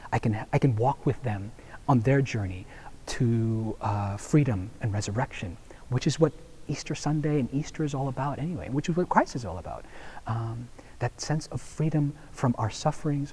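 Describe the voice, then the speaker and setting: A man's voice: medium pitch, dark tone, slight background noise. A young man, a Jesuit deacon, shares earnest reflections in a video blog, telling a story with many fillers and restarts.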